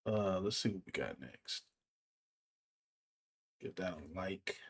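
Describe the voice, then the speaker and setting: A man's voice: low-pitched, animated, slow pace, noisy background. Slangy man chatting casually on stream. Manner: loose, slangy, thinking aloud. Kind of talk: casual livestream chat.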